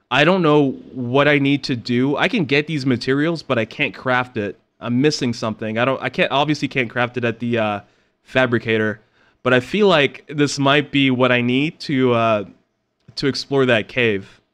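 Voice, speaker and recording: Casual gamer guy narrating his play. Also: mid-range voice. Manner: excitable, swears and yells when scared. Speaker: gaming channel host. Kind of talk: casual let's-play commentary.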